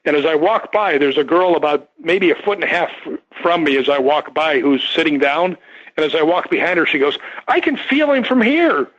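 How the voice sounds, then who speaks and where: This older stunt performer appears as a radio talk show guest, spinning a long, rambling story with many false starts and repeated words. His pitch is fairly high and his tone fairly bright, with dull lo-fi sound quality.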